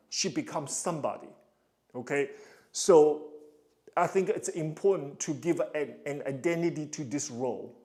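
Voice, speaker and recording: A man coaching a ballet student, counting rhythm aloud and explaining the character. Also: fairly high pitch. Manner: counts rhythm aloud, sings da da cues, loud encouraging calls; explanatory, asks "you understand?". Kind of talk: live coaching session.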